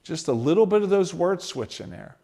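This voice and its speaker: A pastor preaching a sermon with personal stories, swinging between loud urgency and hushed, quiet moments. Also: male voice, high voice, lively intonation, brisk.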